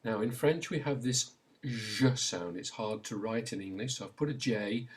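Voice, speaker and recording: Fairly low in pitch with a breathy edge, this man speaks at a moderate pace. He's a language teacher running a slow pronunciation lesson, patiently demonstrating sounds and prompting learners to echo him.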